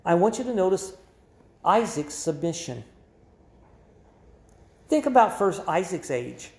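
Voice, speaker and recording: A pastor preaching a sermon, with an emphatic, deliberate teaching delivery. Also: medium pitch, sing-song, a little mellow, reverberant.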